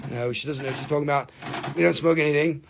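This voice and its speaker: High, gravelly-voiced joking man. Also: steady tone, noisy background. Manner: playful, joking, swearing, rapid banter. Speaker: live-stream seller of crystals and minerals. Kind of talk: live online sales stream.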